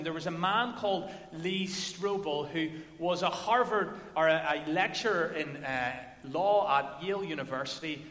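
Male preacher, sermon, bright slightly high voice, echoey hall with long reverb. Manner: storytelling, builds to forceful emphasis.

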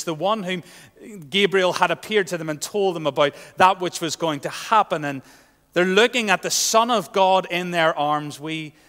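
A man preaching a sermon, earnest, swinging from loud proclamation to soft, hushed asides. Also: on the high side, in a large hall.

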